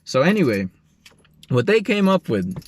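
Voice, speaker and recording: A young man casually telling a personal story in an emotional, animated way with slangy, informal speech. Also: on the high side, moderate pace, no echo.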